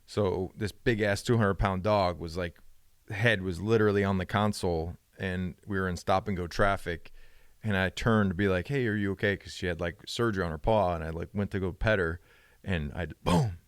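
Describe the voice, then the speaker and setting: A man's voice: moderate pace, clear, resonant tone, dry recording, studio quality. A man co-hosting a podcast, chatting casually and acting out the voices in his stories. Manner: animated storyteller, acts out quoted dialogue with rising pitch. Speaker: podcast co-host. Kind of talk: casual chat.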